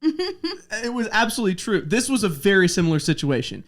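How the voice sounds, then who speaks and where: A man's voice: high voice, a little fast. A man hosting a casual podcast chat, telling a funny story with lots of laughs and acted-out quotes. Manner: animated, acts out quotes, laughs often. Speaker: podcast host.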